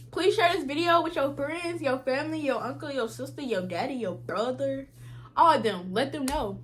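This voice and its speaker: A young woman with a high, bright voice tells a storytime in casual slang. Her pitch swings widely as she acts out what others said. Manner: animated, slangy, acts out quotes. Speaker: vlogger.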